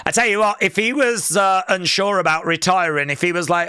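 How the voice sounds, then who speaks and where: A man's voice: high voice, moderate pace, pushed and bright, smooth, no echo, studio quality. Man doing sarcastic wrestling commentary. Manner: sarcastic, teasing play-by-play. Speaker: live stream host. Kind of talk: live wrestling watch-along commentary.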